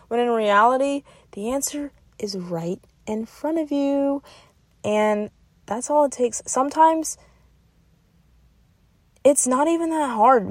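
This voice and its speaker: A young woman with a fairly high voice hosts a motivational podcast, encouraging her listeners and frequently checking in with "okay?" She's getting emotional, and there's no echo.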